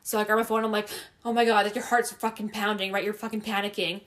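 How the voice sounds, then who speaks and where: In a loose, lively chat, a young woman talks fast in a mid-range voice about a spooky episode in her own basement. Constant swearing and bursts of laughter run through the story.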